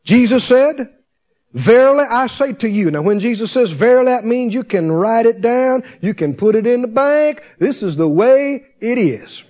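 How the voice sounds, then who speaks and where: High-voiced man preaching a lively sermon. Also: moderate pace, few pauses, highs cut off. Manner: animated preaching with shouts and call-and-response.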